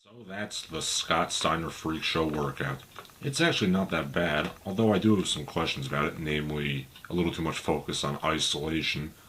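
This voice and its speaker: A man's voice: very deep voice, normal speed, very noisy. A man hosting a comedic review, with dry, sarcastic commentary. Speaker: video reviewer and host.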